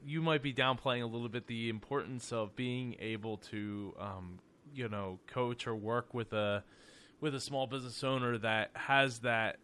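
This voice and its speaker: A man's voice: medium pitch, steady tone, moderate pace, fairly bright tone, a little hiss or hum. A man hosting an interview, chatty and teasing, responding to his guest. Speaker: interview host. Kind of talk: casual interview chat.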